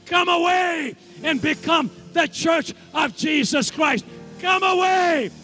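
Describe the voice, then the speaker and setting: Preaching as an apostle, a man with a strikingly high voice shouts his sermon across a big church hall where long reverb rings out over soft background music. His delivery is slow and fervent, calling listeners to rise up, and his pitch swings widely between shouts and low drops.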